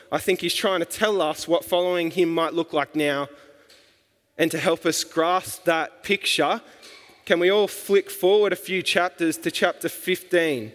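A man preaching a sermon in a relaxed, colloquial way, with casual asides. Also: on the high side. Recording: long hall reverb.

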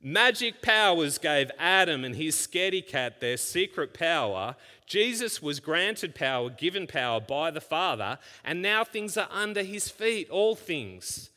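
Bright-voiced male preacher in a reverberant hall. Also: a little high, very animated, a little slow, hardly any pauses. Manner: rhetorical questions, swings from hushed scripture reading to loud emphasis. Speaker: pastor. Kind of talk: sermon.

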